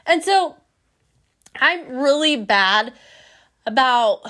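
A young woman giving a personal testimony, telling her story in an animated way and acting out the people she quotes. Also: high voice, extremely slow.

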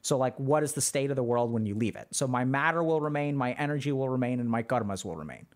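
A man hosting a livestream, explaining ideas to his chat in a relaxed, slangy way full of fillers. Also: mid-range voice, quick pace. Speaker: livestream host answering chat. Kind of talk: casual teaching chat.

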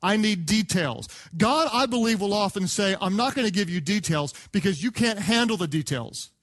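A man preaching a sermon, an animated storyteller who acts out the voices of the people in his stories. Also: high-pitched, moderate pace. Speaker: pastor. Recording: sermon clip played from archive.

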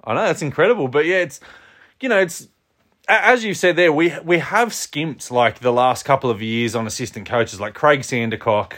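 A man in casual sports chat, animated and swearing, with many restarts. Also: medium pitch, normal speed. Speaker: podcast co-host.

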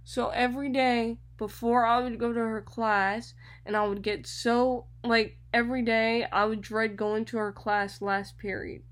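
A young woman from Florida, hosting a radio show and telling a personal story in an animated way, often repeating words. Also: a little high, measured pace, hardly any pauses. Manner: animated, repeats words, addresses listeners as y'all.

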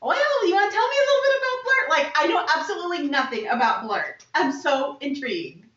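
Bubbly girl in a tabletop game, high and swoopy, echoey lo-fi. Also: sing-song, fairly quick, a bit bright, recorded from a distance. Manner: bubbly, full of "like". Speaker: player. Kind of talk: in-character tabletop play. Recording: echoey room, dull lo-fi sound.

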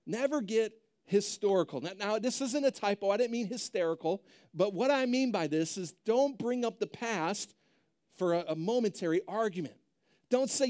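A man's voice: sits high, expressive, moderate pace, darkish tone. A young adult male pastor preaching a sermon in a conversational way, often checking in with "right?".

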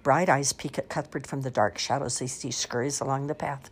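A woman reading children's picture books aloud in an expressive, sing-song storytelling manner. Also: rumbling low, fairly quick, husky.

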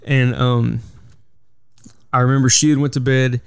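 A man's voice: medium pitch, little pitch movement, a little slow, gravelly, clear, resonant tone, no room sound. Man, solo podcast story, rambling with fillers, resonant voice, dry close sound. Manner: rambling, filler-heavy retelling. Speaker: podcast host. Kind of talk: casual storytelling monologue.

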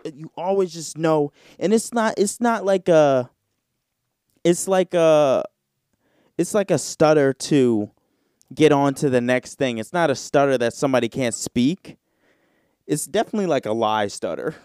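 A man's voice: fairly high pitch, lively intonation, unhurried, darkish tone, smooth, dry recording, clean studio sound. A man hosting a solo podcast, talking loosely and casually with lots of slang. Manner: loose, slangy, rambling with frequent "bro". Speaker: podcast host.

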